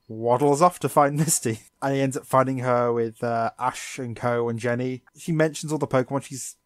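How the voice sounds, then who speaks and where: A man co-hosting a podcast, recapping an episode in a sarcastic, animated way. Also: mid-range voice, normal speed, few pauses, no room sound, studio quality. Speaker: podcast co-host. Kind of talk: casual episode recap chat.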